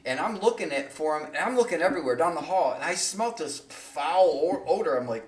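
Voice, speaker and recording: A man's voice: fairly high pitch, lively intonation, fairly quick, few pauses, recorded from a distance. A middle-aged man casually telling long, rambling, profane stories on a podcast and laughing at his own tales. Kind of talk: casual storytelling chat. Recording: roomy sound, away from the mic.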